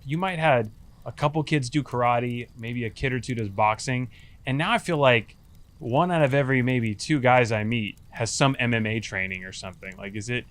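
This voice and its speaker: A man hosting an interview outdoors by a campfire, asking questions with hesitant, searching phrasing and fillers. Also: mid-range voice. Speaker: podcast host.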